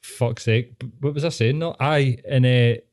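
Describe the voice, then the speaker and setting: A man's voice: mid-range voice, measured pace, a little mellow. A Glaswegian man chatting casually on a podcast, dry and sweary, laughing often. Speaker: podcast co-host. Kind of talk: casual chat.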